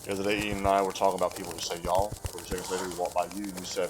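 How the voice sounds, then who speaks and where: A man's voice: sits low, flat delivery, fast talker, faint music behind. A man with a mild Southern US accent, live-streaming a game in casual chat, reading and answering chat and easily amused.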